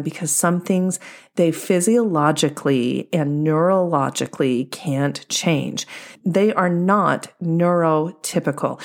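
A woman dating coach speaking a podcast monologue in a steady, explanatory and measured way. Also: low-pitched.

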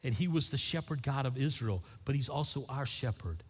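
A middle-aged man preaching a sermon as pastor, emphatic, swinging from loud bursts to soft asides. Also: medium pitch, expressive, fairly quick, breathy edge. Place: church sanctuary. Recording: long church hall reverb.

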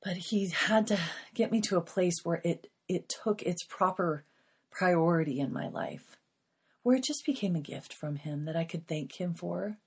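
Breathy woman sharing a faith testimony. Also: lowish voice, moderate pace, a little mellow. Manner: earnest, confessional, emotional. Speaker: podcast host.

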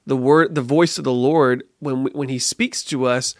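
A man being interviewed on a podcast, telling a personal story in an earnest, lively way and often restarting his phrases. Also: mid-range voice, measured pace, no echo, studio quality. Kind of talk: casual conversational storytelling.

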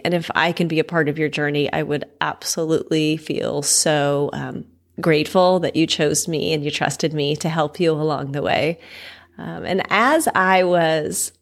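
A woman fitness trainer hosting her own podcast, telling her story candidly and chattily, laughing often with frequent ums. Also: deep voice.

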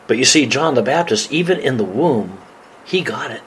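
A man's voice: on the low side, moderate pace, long pauses, a little hiss or hum, low-quality recording. A man preaching as a pastor, reading scripture aloud and laughing often. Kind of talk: sermon.

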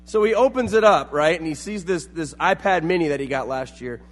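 A man's voice: fairly high pitch, lively intonation, brisk, long reverb tail. A middle-aged man preaching a sermon as pastor, telling family stories and acting out quotes. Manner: storytelling with acted-out quotes.

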